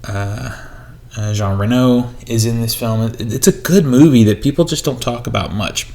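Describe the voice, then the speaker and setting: A man's voice: medium pitch, moderate pace, darkish tone. Chatty man rambling through a haul vlog. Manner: chatty, rambling, talks while unboxing. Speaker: movie collector vlogger. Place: small home studio.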